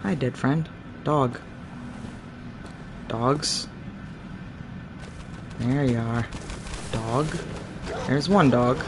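A man streaming a video game, reacting out loud, swearing at enemies and chatting to animals on screen. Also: mid-range voice, drawn-out words, long pauses, background noise. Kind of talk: live gameplay commentary.

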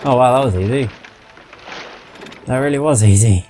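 A man's voice: mid-range voice, normal speed, mellow, faint music behind. A man commenting casually on his gameplay, muttering to himself and swearing when frustrated. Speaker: gamer doing a playthrough.

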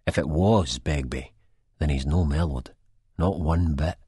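Deep husky Scottish man, first-person audiobook reader, dry close sound. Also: unhurried, mellow, no echo. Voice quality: broad dialect delivery, sweary and blunt. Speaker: audiobook narrator.

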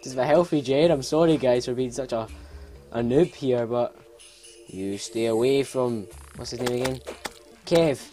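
A man's voice: medium pitch, measured pace, dark tone, soft background music. A young Scottish man giving casual, rambling commentary on a video game, self-mocking, laughing often and swearing freely. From Scotland. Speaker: let's play host.

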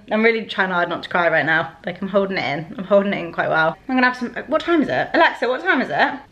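A woman's voice: mid-range voice, lively intonation, quick pace, fairly bright tone, highs cut off. A young woman vlogging to camera at home, talking in a chatty, rambling way full of "like" fillers. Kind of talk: casual to-camera vlog. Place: at home indoors.

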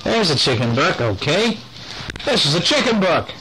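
A man's voice: a little high, very animated, moderate pace, sharp tone, a little hiss or hum, low-quality recording. A man reading bedtime stories aloud to a child, playful and chatty, stopping to talk about the pictures.

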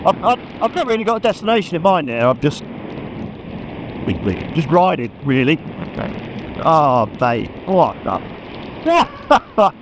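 A man chatting excitedly to a helmet camera while riding a motorbike, laughing often. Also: fairly high pitch, slow, long pauses, noisy background. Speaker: motorcycle vlogger. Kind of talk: casual chat while riding. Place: on a motorbike on open country roads. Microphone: helmet-mounted action camera.

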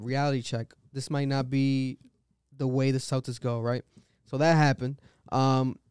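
A man's voice: medium pitch, darkish tone, smooth, no echo, clean studio sound. A young man hosting a podcast in casual chat, telling stories animatedly with slang and swearing. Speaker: podcast host.

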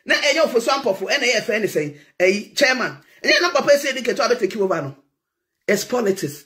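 A Ghanaian woman with a Ghanaian accent, a preacher, delivering a loud, teasing political rant with frequent laughter. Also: on the high side. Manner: loud, teasing, laughing, switches between Twi and English.

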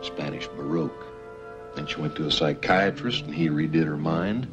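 A smooth, very deep-voiced surgeon. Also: male voice, normal speed. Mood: flirtatious. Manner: smooth, flirtatious, witty. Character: charming male plastic surgeon, smooth, unpredictable. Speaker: plastic surgeon. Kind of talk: TV film drama acting. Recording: muffled film audio with music.

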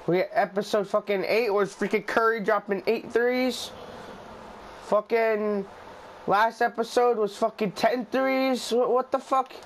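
A young man commentating his own basketball video game play, swearing a lot, shouting when shots go in and muttering low between them. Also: a little hiss or hum. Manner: loud, profane, hyped shouting at plays, then low muttering. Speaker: gaming YouTuber. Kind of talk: excited gameplay commentary.

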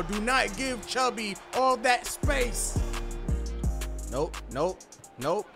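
A man giving casual gameplay commentary, loud and excitable, trash-talking and swinging from mumbles to yells. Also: high voice, very slow, gravelly, pauses often, music in the background. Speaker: gaming streamer.

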